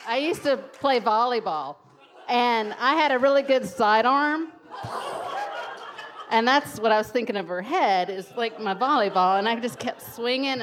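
A woman telling a funny personal story to an audience, lively and laughing often. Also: mid-range voice.

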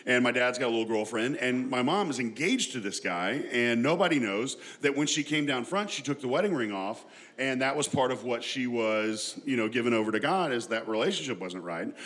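A man's voice: medium pitch, expressive, fairly quick, fairly bright tone. A man telling a personal family story to an audience in a chatty, self-deprecating way, laughing often as he goes.

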